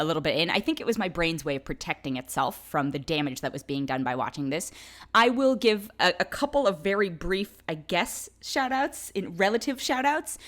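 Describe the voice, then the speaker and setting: A woman reviewing a film in a casual, unscripted way. Her voice swings widely in pitch as she vents. She sounds exasperated and sarcastic and laughs between her complaints. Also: fairly bright tone.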